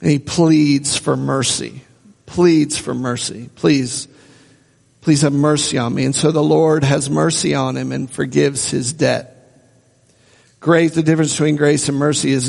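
A man's voice: mid-range voice, gravelly, darkish tone, husky, long reverb tail. A man preaching a sermon as a pastor, earnestly repeating phrases for emphasis.

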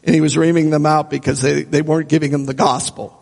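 Male pastor preaching, slightly high, husky voice, church hall reverb. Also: level tone, fast talker, darkish tone. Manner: earnest preaching, repeats phrases for emphasis. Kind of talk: sermon.

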